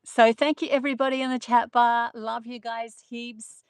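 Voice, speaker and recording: A woman's voice: on the high side, level tone, moderate pace, smooth, no room sound. Earnest rambling New woman. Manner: earnest, rambling, with many fillers. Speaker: spiritual channeler. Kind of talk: live-streamed spiritual talk.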